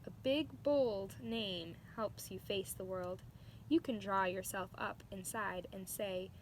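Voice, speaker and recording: A woman's voice: medium pitch, slow pace, slight background noise, natural voice, rough recording. A woman doing Bounder, a hearty big tomcat. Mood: kindly. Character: big jolly tomcat father, kindly and hearty.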